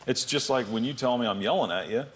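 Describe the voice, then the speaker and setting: A man on a talk show stammering and halting as he argues with his wife. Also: medium pitch, slight background noise. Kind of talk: heated marital argument.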